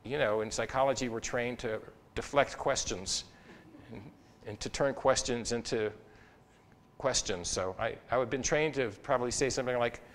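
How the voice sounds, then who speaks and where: An older man speaks at an everyday middle pitch, telling a story from his practice in an earnest, reflective way. His voice climbs and drops in loudness and pitch as he recounts it, with small restarts along the way. He sounds like a professor giving a talk. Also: moderate pace, slight background noise. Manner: expressive, rises and falls in pitch and loudness while recounting.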